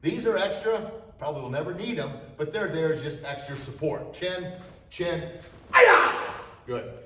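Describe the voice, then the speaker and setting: A middle-aged man teaching a martial arts class, demonstrating self-defense moves with energy and sharp shouted strike cries. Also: a little high, normal speed, recorded from a distance, a little hiss or hum. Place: martial arts studio, indoors. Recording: echoey studio, voice from off-mic.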